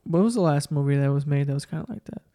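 A man's voice: on the high side, lively intonation, racing, mellow. A young man hosting a casual podcast, blunt and sarcastic, swearing freely. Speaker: podcast host.

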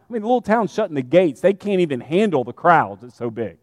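A man preaching a sermon, animated and conversational, speaking straight to his congregation. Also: a little high, a little fast, few pauses, no echo, studio quality, big-room sound.

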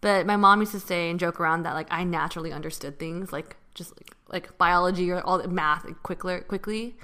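A woman's voice: fairly low pitch, sharp tone. A young woman from California in casual chat, talkative and full of filler words. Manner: talkative, lots of fillers, quick asides. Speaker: podcast co-host.

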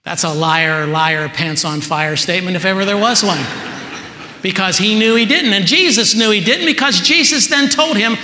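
A man preaching a sermon as pastor, slow and emphatic, often building to rising rhetorical questions. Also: high-pitched, bright, forceful tone. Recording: echoey hall with long reverb.

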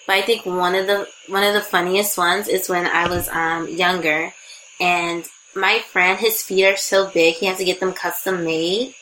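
A woman co-hosting a podcast, telling stories in an animated, laughing way while tipsy from drinking. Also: on the low side, moderate pace, background noise. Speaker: podcast co-host. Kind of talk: casual chat.

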